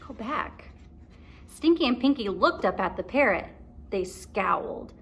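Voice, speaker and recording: A woman teacher reading a chapter book aloud to kindergarten children, pausing to ask encouraging questions. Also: mid-range voice, lively intonation, a bit bright. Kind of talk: read-aloud for young children.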